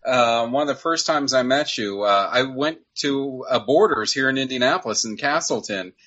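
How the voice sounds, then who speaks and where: A man's voice: medium pitch, normal speed, fairly bright tone, muffled recording. A man hosting a podcast, chatting eagerly and plugging his guest's website. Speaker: podcast host. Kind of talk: casual podcast chat.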